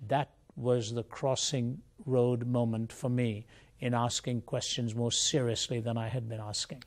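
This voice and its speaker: Gravelly older man telling his story. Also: mid-range voice, level tone. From India. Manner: reflective storyteller, measured and earnest. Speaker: guest, Christian apologist.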